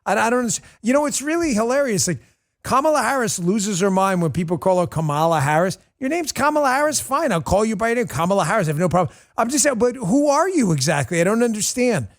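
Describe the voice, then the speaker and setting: A man's voice: sits high, expressive, fast, hardly any pauses. A middle-aged man hosting a political talk show, delivering a combative, mocking commentary monologue with heavy emphasis.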